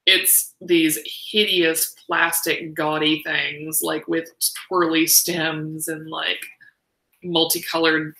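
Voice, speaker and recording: Woman, bright edgy tone, lowish pitch, hesitant with ums, echoey room. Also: level tone, slow pace. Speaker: co-host of a tack-cleaning chat stream. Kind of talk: casual live-stream chat.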